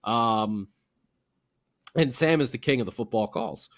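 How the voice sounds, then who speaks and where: A man co-hosting a late-night sports podcast, chatting casually in an animated, joking, rambling way. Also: mid-range voice, a little slow, no echo, studio quality. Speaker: podcast co-host.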